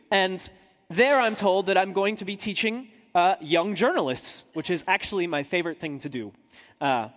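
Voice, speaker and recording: A journalist with a slightly high voice tells a humorous story to a live audience, chatty and self-deprecating, with asides to the crowd. A long reverb tail trails his words.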